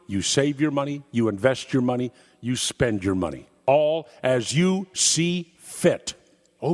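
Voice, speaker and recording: A man's voice: mid-range voice, long reverb tail. An older man, a talk radio host, giving an emphatic, sarcastic political monologue and acting out quoted conversations.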